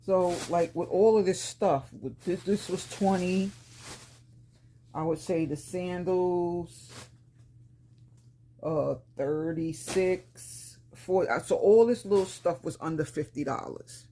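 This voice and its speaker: A woman in her fifties from Brooklyn, New York, with a Brooklyn accent and a rough, slightly raspy voice, chatting casually to viewers about a shopping haul in a plain-spoken way with slang. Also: fairly low pitch, slow, mellow, a little hiss or hum. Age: 50s. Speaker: lifestyle vlogger.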